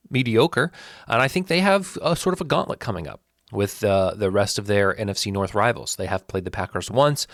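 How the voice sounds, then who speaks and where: A man in his thirties hosting a football rankings show, talking straight to his viewers in an animated, teasing and defiant way. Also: fairly low pitch, dry recording, clean studio sound. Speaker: sports channel host. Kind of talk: opinionated football rankings talk.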